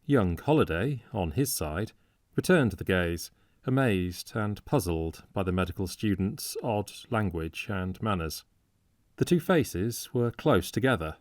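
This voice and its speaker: A male audiobook narrator with a low voice, reading a classic novel aloud. His delivery is measured and steady, and the sound is close and dry with no room around it. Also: dry recording. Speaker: audiobook reader.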